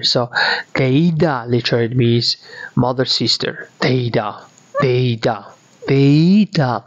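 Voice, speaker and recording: A man's voice: mid-range voice, fairly bright tone, dry recording. A man from Georgia with a Georgian accent, teaching a beginner language lesson and patiently repeating each word many times. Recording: dull, dry lo-fi audio.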